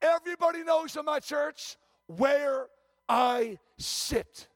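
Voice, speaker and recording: A woman's voice: high-pitched, slow pace, no room sound, studio quality. A man voicing an indignant older churchwoman who guards her pew seat, emphatic and repeating herself.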